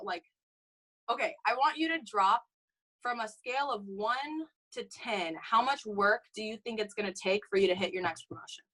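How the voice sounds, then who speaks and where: A young woman giving an energetic motivational talk to her sales team, calling out "you guys" and "okay?" all the time. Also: on the high side, poor audio. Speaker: network marketing team leader.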